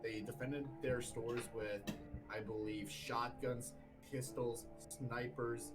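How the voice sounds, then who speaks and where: A slightly drunk man argues over a voice call, slurring a little. His delivery is forceful and repetitive, at an ordinary pitch. Music plays clearly behind him. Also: fairly even intonation, takes it slowly, far from the mic, poor audio. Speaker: debate participant. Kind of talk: heated online debate.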